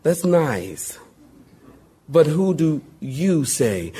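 A male pastor preaches a lively sermon in a high, husky voice that leaps up and down in pitch. He banters with the congregation, asks for amens, and sometimes sinks to a slow, quiet, solemn voice. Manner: animated preaching with a call-and-response to the congregation; folksy humor and sudden drops to a hushed, slow voice.

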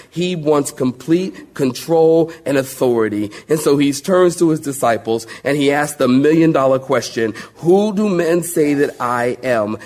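A man preaching a sermon as pastor, speaking, joking with the congregation and calling for amens, then dropping to a slow, hushed voice to make a point. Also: a little high. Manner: animated preaching with a call-and-response to the congregation; folksy humor and sudden drops to a hushed, slow voice.

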